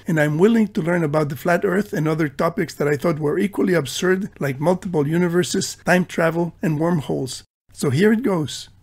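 A man reading a scripted, tongue-in-cheek voice-over with dry, deadpan humor. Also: high-pitched. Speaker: video narrator.

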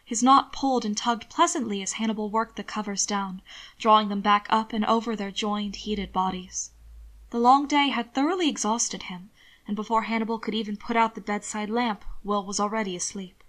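A woman narrating a story aloud with a soft, steady delivery at a middle pitch. Her reading is even and unhurried as she describes each scene. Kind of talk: reading fan fiction aloud.

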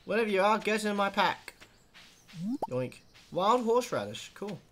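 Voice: mid-range voice, sing-song, normal speed, fairly bright tone, slight background noise. A let's play host giving chatty, exclaiming commentary while playing, talking back to the game's characters. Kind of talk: casual gameplay commentary.

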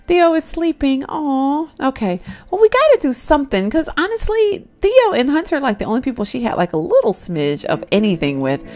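A young woman talks her way through a life-simulation game, chatty and easygoing. Her pitch swings widely, rising high when she laughs. She calls out to her viewers as y'all throughout. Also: huge pitch swings, moderate pace, darkish tone. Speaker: gameplay commentator. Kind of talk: casual let's-play commentary.

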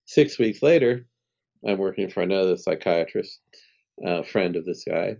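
A man in his fifties, a spiritual healer and podcast guest, telling a personal story in a lively, conversational way and acting out what people said. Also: deep voice, normal speed, gravelly, muffled recording. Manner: animated storyteller who acts out dialogue and laughs often.

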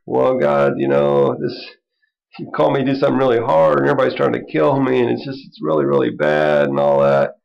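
A man's voice: mid-range voice, big pitch swings, gravelly. A man voicing a whiny male prophet in a self-pitying complaint, as part of a Bible lesson. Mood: whining. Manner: complaining, drawn-out whine. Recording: dull lo-fi recording.

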